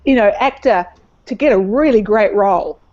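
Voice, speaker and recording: A woman, talking animatedly in a casual book club discussion. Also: normal speed. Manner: animated, rising pitch when making a point. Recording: dull lo-fi sound.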